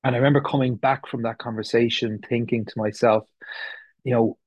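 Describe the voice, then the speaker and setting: A man's voice: medium pitch, steady tone, fairly quick, a little mellow, no echo, lo-fi sound. Candid Irish man telling his story. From west of Ireland. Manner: candid, rambling, many fillers and restarts. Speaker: speaker sharing recovery story. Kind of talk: personal testimony talk. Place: meeting room.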